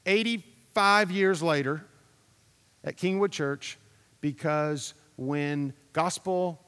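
A man's voice: fairly high pitch, slow pace, sharp tone, clear, resonant tone, big-room sound. A man preaching a sermon as a pastor, talking in a conversational, storytelling way, repeating himself and putting questions to the congregation.

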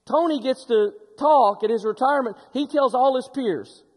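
High-voiced preacher in a ringing hall. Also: male voice, moderate pace. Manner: animated storytelling with restarts. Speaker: pastor. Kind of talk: sermon.

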